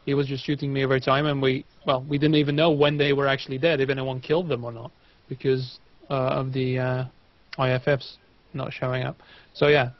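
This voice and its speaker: A man's voice: mid-range voice, level tone, a little fast, no echo, highs cut off. A man playing guest on a game cast, rambling through analysis with dry jokes, heard over a voice call. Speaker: guest player. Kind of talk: casual chat over voice call.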